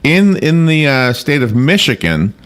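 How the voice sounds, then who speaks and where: A man's voice: fairly high pitch, sing-song, a little slow, fairly bright tone. A man hosting a casual morning radio show, reading out a list with playful laughter. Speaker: radio host.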